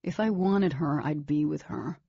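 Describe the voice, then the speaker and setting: A woman narrator voicing an intense, stubborn teenage boy who talks in a forceful, insistent way. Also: deep voice, measured pace, gravelly, husky, no echo, highs cut off, exaggerated voice.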